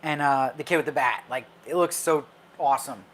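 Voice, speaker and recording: A man's voice: medium pitch, a little fast, fairly bright tone. A man in a mid-range voice hosts a live fan chat about films. He talks casually and opinionatedly, answering viewers' comments as they come in. His delivery is loose, with plenty of fillers and restarts. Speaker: film commentator host.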